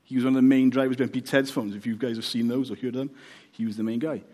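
A man's voice: medium pitch, steady tone, very fast, mellow. A Welsh man preaching a casual, joking sermon, often checking in with the congregation. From Wales. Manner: chatty, joking, checks in with "okay?".

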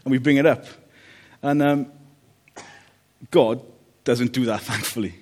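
A man preaching a relaxed, conversational sermon, joking about family life and often checking in with "okay?". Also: mid-range voice, fairly quick. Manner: chatty, jokey, checks in with "okay?".

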